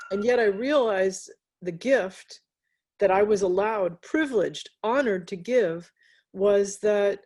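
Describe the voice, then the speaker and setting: A woman's voice: medium pitch, a little mellow. Reflective American woman in an interview. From United States. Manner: reflective, pausing with fillers and restarts. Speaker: interviewee, graphic novelist. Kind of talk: casual interview conversation.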